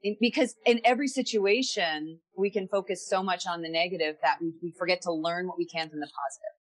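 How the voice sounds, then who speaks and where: A woman with a fairly low voice speaks as a podcast guest. She tells her story in a candid, reflective way and circles back over her words as she searches for them. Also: a little fast.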